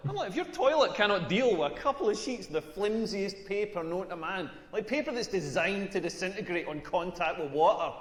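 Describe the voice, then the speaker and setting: A man's voice: high-pitched, animated, brisk, few pauses. A man with a Scottish accent playing a tall, crude stand-up comedian doing a rambling, self-mocking routine. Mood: deadpan. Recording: echoey hall with long reverb.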